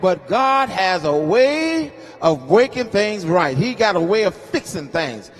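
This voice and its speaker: A man in his fifties with a notably high voice preaches at a funeral service, pulling the congregation into call and response. He shifts from quiet, talky asides into loud, chanting scripture readings. A long reverb from the chapel hangs on every phrase. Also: sing-song, slow pace. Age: 50s. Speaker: guest preacher. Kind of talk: sermon at a homegoing service.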